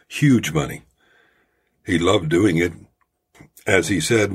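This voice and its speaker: A man hosting his own storytelling podcast, talking in a measured, folksy way. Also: sits low, husky. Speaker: podcast host. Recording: home-made podcast audio.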